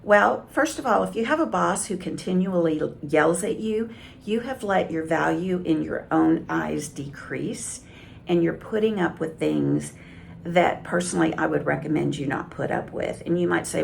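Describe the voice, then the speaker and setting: A woman communication coach giving calm, measured advice straight to camera. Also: low-pitched, vocal fry, a little hiss or hum. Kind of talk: direct-to-camera coaching talk.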